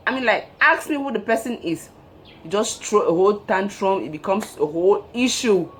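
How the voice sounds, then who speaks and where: A woman's voice: mid-range voice, expressive, fairly quick, a little hiss or hum. A woman hosting her own show, giving relationship advice in an emphatic monologue and repeating her key phrases.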